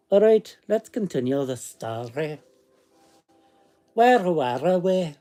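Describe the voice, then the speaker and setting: Slow man reading in a put-on Scottish accent. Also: a little high, animated, mellow. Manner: chatty asides that break off the reading. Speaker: channel host reading ghost stories. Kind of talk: casual read-aloud storytelling.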